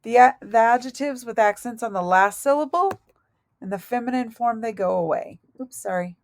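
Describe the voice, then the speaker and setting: A woman teaching a Spanish lesson from her notes, speaking slowly and deliberately and correcting herself aloud as she goes. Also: a little high, no room sound. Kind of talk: recorded lesson reading through notes.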